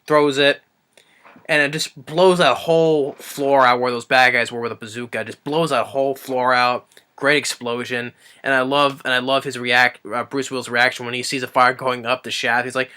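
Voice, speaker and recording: A man's voice: medium pitch, fairly even intonation, normal speed, bright, forceful tone, clear, resonant tone. A man giving a casual, rambling, enthusiastic recap of a movie's plot as a reviewer, now and then acting out the characters' lines. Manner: rambling and enthusiastic, acts out quotes.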